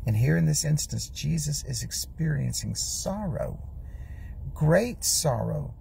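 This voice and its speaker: A man's voice: a little high, expressive, slow pace, creaky, mellow, a little hiss or hum. A man preaching an earnest sermon from his parked truck, reading scripture aloud and repeating questions for emphasis. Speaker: pastor.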